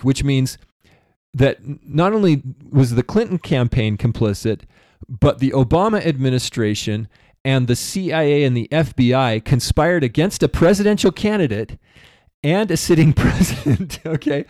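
A man's voice: mid-range voice, big pitch swings, normal speed, a little mellow, dry recording, clean studio sound. Rambling male podcast co-host. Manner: rambling, with many restarts. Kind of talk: casual conversation.

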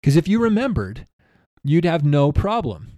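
A man's voice: on the high side, very animated, normal speed, warm tone, dry recording. A man co-hosting a podcast in casual chat, earnestly explaining spiritual ideas with frequent restarts. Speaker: podcast co-host.

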